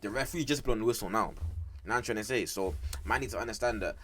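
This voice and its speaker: A young man giving animated, filled casual reaction commentary as a music streamer. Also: on the low side, racing, slight background noise. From United Kingdom. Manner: animated, slangy, repeats "bro" and "I can't lie".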